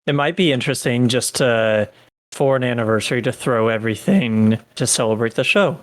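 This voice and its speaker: A man's voice: medium pitch, a little fast, no room sound, studio quality. A man chatting on a review podcast, making wry, offhand remarks. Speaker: podcast co-host. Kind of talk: casual chat.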